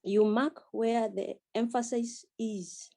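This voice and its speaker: Hesitant woman student, very dark voice. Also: a little high, fairly even intonation, slow pace, creaky. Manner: hesitant, unsure. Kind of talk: answering in class.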